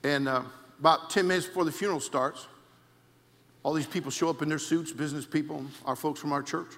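A male pastor, preaching a sermon with shouted emphasis and telling comic anecdotes. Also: a little high, fairly even intonation, fairly quick. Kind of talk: sermon with storytelling. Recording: long hall reverb.

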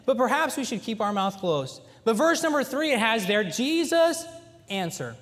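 A man with a strikingly high voice delivers a folksy sermon, leaning hard on key words as he tells his stories. His voice rings through a church with a long, echoing reverb. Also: normal speed. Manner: folksy storytelling with animated emphasis. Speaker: pastor. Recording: echoey church hall.

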